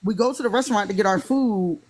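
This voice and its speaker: A woman's voice: quick pace, slightly rough. A woman with a Philadelphia accent, animatedly telling a funny dating story in casual chat and acting out the quotes. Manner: animated, acts out quotes in higher voices.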